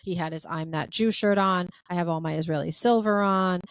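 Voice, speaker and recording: A woman's voice: fairly low pitch, brisk, smooth, no room sound. A woman hosting a podcast, telling a story in casual chat and acting out the dialogue expressively. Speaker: podcast host.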